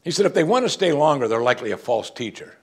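A man's voice: quick pace, husky. A man preaching a sermon, asking rhetorical questions and reading scripture aloud. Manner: animated, rhetorical questions, rises in pitch for emphasis.

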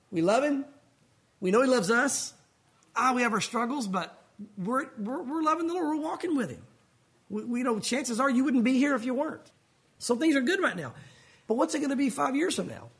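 Husky-voiced man preaching earnestly. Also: sing-song, normal speed, long pauses, a bit bright. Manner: earnest, pleading, rises and falls in pitch for emphasis. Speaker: pastor. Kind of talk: sermon.

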